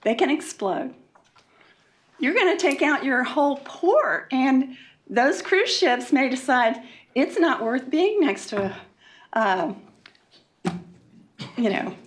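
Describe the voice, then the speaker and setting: A woman from Florida giving an emotional public comment at a meeting, halting, with many fillers and nervous laughs. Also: on the high side, animated. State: emotional, upset.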